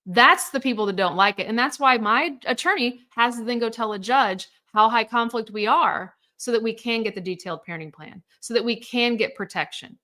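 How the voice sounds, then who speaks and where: A woman's voice: a little high, a little fast, few pauses, bright, forceful tone. A woman coaching people through divorce in a blunt, emphatic monologue, swearing freely and firing off rhetorical questions. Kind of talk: motivational monologue.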